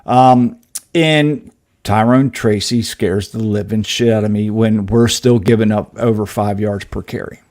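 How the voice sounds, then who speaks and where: A man's voice: lowish voice, steady tone, unhurried, a little mellow. A man co-hosting a casual sports podcast, talking through a matchup with frequent ums and restarts. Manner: hesitant, lots of fillers, builds an argument. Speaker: podcast co-host.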